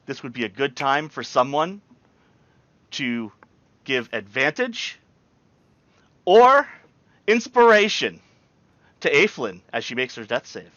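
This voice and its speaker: A man's voice: mid-range voice, expressive, slow, pauses often, fairly bright tone, dry recording, dull audio. A man running a tabletop game as game master, talking hesitantly and repeating words.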